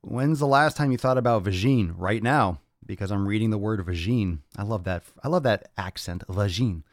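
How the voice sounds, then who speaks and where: Low-voiced crude joking male podcast host. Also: a little fast, no room sound, clean studio sound. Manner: repeats phrases, restless rambling delivery. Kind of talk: casual fitness podcast chat.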